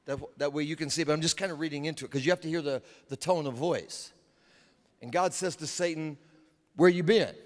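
A male preacher giving an emphatic sermon, with repetitions and dramatic pauses. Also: a little high. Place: large conference hall. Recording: long hall reverb.

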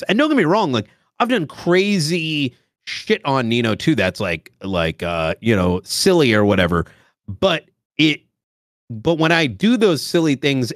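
A man's voice: mid-range voice, no room sound, studio quality. A man hosting a casual chat, laid-back and slangy, often restarting his sentences. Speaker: host streamer. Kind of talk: casual chat about roleplay gaming.

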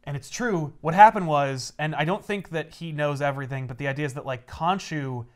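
A man chatting casually as a comic book show host, retelling a story with excitement and acting out the characters' lines. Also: a little high, a little fast. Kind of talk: casual chat.

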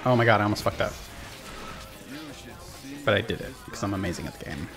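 Over background music, a man with a lowish voice streams a video game into a desk mic, talking fairly quickly. He swears and jokes with his chat while giving casual commentary on his gameplay.

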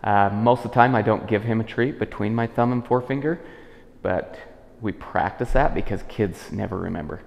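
Male dog trainer, calm explainer, low gravelly voice, echoey room with a long tail. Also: normal speed. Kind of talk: instructional demonstration. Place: indoors in a house. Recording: echoey room with long reverb, dull lo-fi sound.

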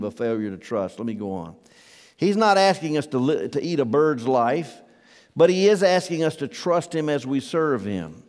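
A man's voice: on the high side, a little mellow, long reverb tail. A man preaching a sermon as pastor, conversational and asking his congregation questions. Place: church hall.

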